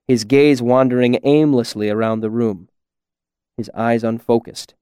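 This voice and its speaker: A man narrating a story in a measured, expressive way. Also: medium pitch, clear, resonant tone, no echo, clean studio sound. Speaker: audiobook narrator. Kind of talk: scripted narration.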